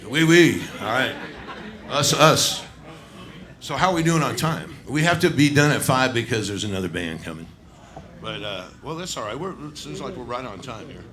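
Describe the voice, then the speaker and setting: A man's voice: medium pitch, lively intonation, moderate pace, pushed and bright. Easygoing man emceeing a pub show. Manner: loose, coaxing, chatty with the crowd. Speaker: bandleader and emcee. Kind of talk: live stage emcee. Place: small pub stage.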